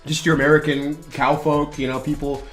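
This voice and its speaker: A man hosting a casual interview, talking in halting, rambling sentences full of fillers and restarts. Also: fairly high pitch, level tone, soft background music. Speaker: host of a hot wings interview parody.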